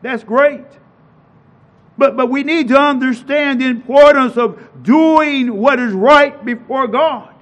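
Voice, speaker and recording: Male preacher, very high voice, slow and deliberate, repeats phrases for emphasis. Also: fairly bright tone. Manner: reads scripture slowly, then preaches with rising emphasis and repetition. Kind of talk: sermon.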